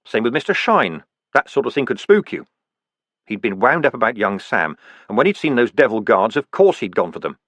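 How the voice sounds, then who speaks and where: A man narrating a fantasy audiobook in a wry, expressive storytelling manner. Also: mid-range voice, fairly quick, no echo.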